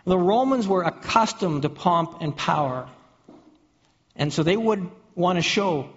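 Man, high voice, preacher, sermon, storytelling, repeats words, dull lo-fi sound, long church-hall reverb. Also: animated, a little slow. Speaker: pastor.

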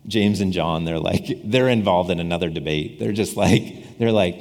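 A man's voice: deep voice, a little slow, long pauses, a little mellow. A man preaching a casual, conversational sermon, often repeating and restarting his phrases and acting out quoted voices with humor. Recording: long hall reverb.

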